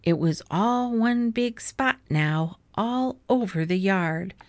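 Slow, measured woman reading a storybook. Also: mid-range voice, expressive, a little mellow, dry recording. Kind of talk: storybook read-aloud.

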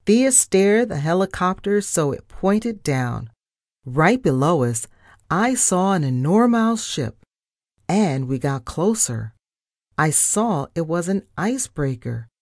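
A woman reading a children's story in an unhurried, lively way, her low voice moving a lot. The sound is dry and close. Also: dry recording. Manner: animated reading, first-person narration.

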